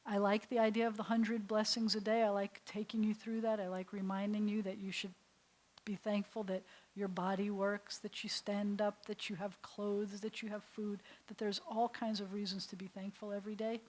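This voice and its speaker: A woman rabbi leads a calm class on prayer, her voice sitting at an ordinary middle pitch. She chants Hebrew phrases slowly and then explains each one gently, now and then dropping to a soft near-whisper. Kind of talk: adult education class on prayer.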